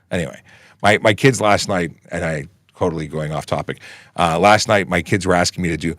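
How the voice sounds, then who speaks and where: A Canadian man in his forties hosts a casual livestream, chatting in an upbeat, rambling way. His voice sits slightly low. The sound is dry and close, with little room echo. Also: expressive, brisk, fairly bright tone. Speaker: livestream host, police constable.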